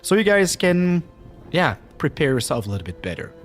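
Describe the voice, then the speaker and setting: A man's voice: fairly high pitch, big pitch swings, normal speed, faint music behind. A man chatting casually on his live stream, slightly out of breath, with lots of fillers and restarts. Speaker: game streamer.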